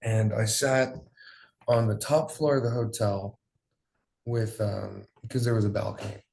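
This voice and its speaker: A man's voice: lowish voice, fairly even intonation, a little slow, vocal fry, a little mellow, slight background noise. A young man giving an emotional personal account as an interview guest, in loose, profane storytelling with plenty of fillers. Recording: roomy echo.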